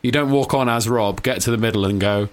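A man's voice: medium pitch, brisk. A man hosting a radio show, bantering and teasing his guests, laughing often. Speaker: radio host.

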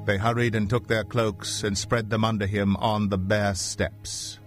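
A man narrating a scripture passage in a steady, even reading voice. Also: lowish voice, measured pace, few pauses, faint music behind.

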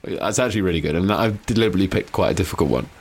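A man's voice: sits low, very fast, breathy edge. A man from England co-hosting a casual comedy chat, teasing and laughing often. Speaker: podcast co-host.

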